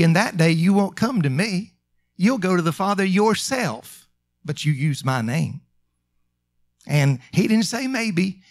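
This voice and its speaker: A male pastor with a high, light voice delivers a sermon. He stretches key phrases out slowly and lifts them into emphatic calls, then drops back to a quieter, confiding tone. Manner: emphatic preaching, drawn-out slow phrases and rising calls.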